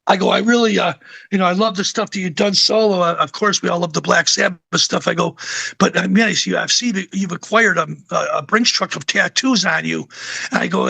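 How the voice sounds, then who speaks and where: Older rocker guy rambling thru a story, gravelly voice, real dry close sound. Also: high-pitched, brisk, pushed and bright, no room sound. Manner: rambling anecdotal storyteller with many fillers. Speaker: musician guest. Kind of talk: casual interview storytelling.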